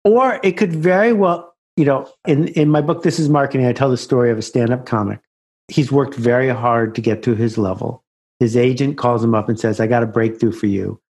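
A man's voice: mid-range voice, a little fast, a little mellow. Man telling stories in an interview. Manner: anecdotal, builds stories to a punchline. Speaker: author and guest. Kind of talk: conversational storytelling.

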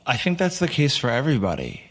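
A man's voice: mid-range voice, quick pace, husky. A young man from the United States, a podcast guest telling stories in casual chat and acting out the people he quotes. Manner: animated storyteller, acts out quotes. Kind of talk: casual storytelling interview.

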